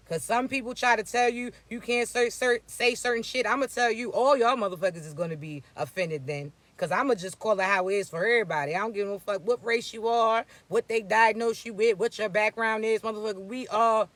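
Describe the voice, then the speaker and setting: A man with a high, bright speaking voice delivers a spiritual message with no filter. He scolds and swears in streetwise slang, half sermon and half tough-love lecture. The sound is close and dry. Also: no echo. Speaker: spiritual reading host. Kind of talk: blunt motivational spiritual message.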